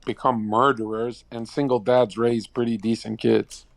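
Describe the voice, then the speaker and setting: A man's voice: mid-range voice, level tone, normal speed, creaky, dry recording. A man on an online voice call, debating provocatively and laughing at his own jokes.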